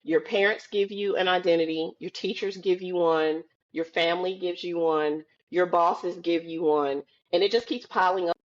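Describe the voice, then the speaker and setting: A woman with a fairly low voice chats casually as a podcast guest, telling animated stories and slipping into the voices of the people she quotes. The sound is a bit dull and lo-fi, like audio from a video call. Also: moderate pace, hardly any pauses. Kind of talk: casual chat.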